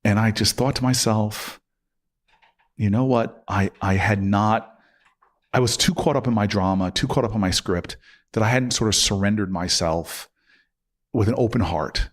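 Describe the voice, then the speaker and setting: A man's voice: fairly low pitch, normal speed. A man in his forties telling a personal story in a casual interview, acting out both sides of the argument. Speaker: podcast guest.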